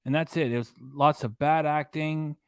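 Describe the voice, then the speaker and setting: A man's voice: a little high, steady tone, moderate pace, vocal fry, clean tone, no echo. A man hosting a reaction live stream in a casual, mocking way, laughing often as he talks. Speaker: reaction channel host.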